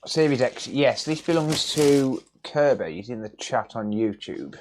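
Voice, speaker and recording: A man talks at an unhurried pace while he runs a casual livestream from his cluttered home workshop. He is relaxed and jokey as he reads viewer names off the chat and greets each one. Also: medium pitch, a little hiss or hum. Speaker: electronics repair livestreamer.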